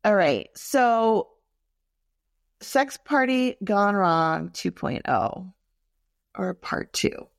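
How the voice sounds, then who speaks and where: A woman candidly telling personal stories in a frank, expressive way, full of fillers and asides. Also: medium pitch, very slow, vocal fry, long pauses, no echo, studio quality.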